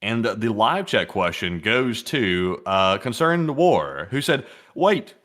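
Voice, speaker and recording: Low-voiced man reading chats. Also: sing-song, takes it slowly, a bit bright. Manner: rambling, reads viewer messages aloud, chuckles. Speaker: co-host reading super chats. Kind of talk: casual livestream chat.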